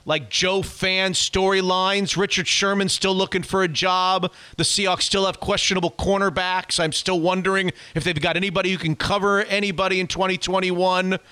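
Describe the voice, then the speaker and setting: A man with a high, bright voice hosts a casual sports podcast. He teases his co-host and reacts with quick, animated exclamations. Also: clean tone.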